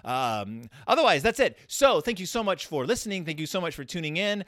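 A man hosting a podcast casually reviews a children's book, speaking a little fast in clean studio sound with no echo. His monologue is rambling and sarcastic, with animated swings in pitch and loudness.

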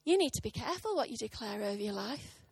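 Woman in her thirties, sermon, high bright voice, dry close sound, punchy comic storytelling. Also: fast talker, creaky, breathy edge, dry recording. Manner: animated, impassioned, punchy comic timing. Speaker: preacher. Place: church service.

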